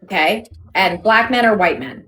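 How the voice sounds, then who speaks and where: A woman's voice: mid-range voice, expressive, moderate pace, pushed and bright. A woman hosting a phone livestream from home, firm and sarcastic as she talks over her guest in a heated debate. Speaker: livestream host.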